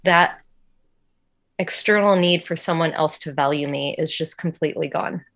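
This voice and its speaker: A woman's voice: low-pitched, normal speed, a bit bright. A woman guest telling a personal faith story in an earnest, emotional way, with lots of casual "like" fillers. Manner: casual, heavy use of "like" fillers. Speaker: interview guest.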